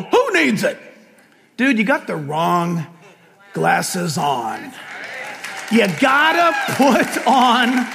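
An older man preaching a sermon as pastor, telling stories in an animated, humorous way. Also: high-pitched, big-room sound.

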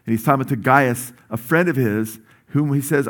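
A middle-aged male pastor giving a sermon in a conversational style, often asking "amen?" and rising in pitch and energy when he urges his listeners. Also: moderate pace. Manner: conversational, with many asides and "amen?" checks; rises in pitch and energy when urging the congregation.

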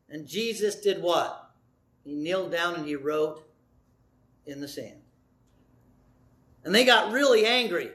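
Middle-aged male pastor, sermon; high, ringing voice, theatrical storyteller. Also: expressive, unhurried, pauses often. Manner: dramatic storytelling, acting out voices, shifting from loud to soft.

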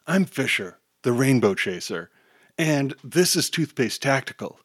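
A man's voice: medium pitch, very animated, unhurried, husky, no echo. A man voicing a teenage boy superhero leader who talks in an urgent, exasperated way. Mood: weary.

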